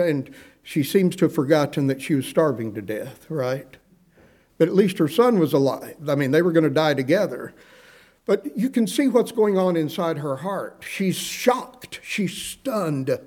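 A man's voice: fairly high pitch, mellow. A man preaching a sermon, earnest, acting out the words of the people in his text and asking his listeners questions. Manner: earnest preaching, acts out quoted speakers; asks the congregation questions. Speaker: pastor.

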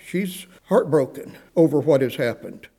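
A man delivers a sermon in a mellow, warm voice that sits a little higher than most men's. He preaches earnestly, puts feeling into quoted lines from scripture and turns to his listeners with questions. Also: animated, measured pace, vocal fry, slightly rough. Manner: asks the congregation questions. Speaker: pastor.

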